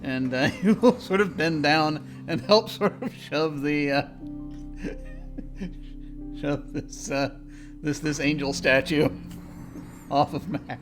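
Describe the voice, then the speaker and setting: Brief: man running a tabletop game, hesitant and chuckling, soft music behind. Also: a little high, wildly swooping pitch, slow pace, pauses often. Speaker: game master. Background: faint background music.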